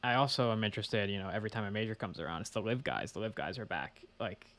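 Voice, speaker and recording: A man's voice: lowish voice, quick pace, fairly bright tone. A young man co-hosting a podcast, speaking in an easygoing way with frequent "I mean" and "you know". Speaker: podcast co-host. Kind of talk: casual sports chat.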